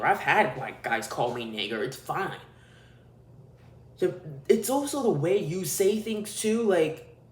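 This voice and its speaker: A man hosting a podcast, delivering a crude, profane, ranting solo monologue. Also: a little high. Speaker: podcast host. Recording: roomy echo.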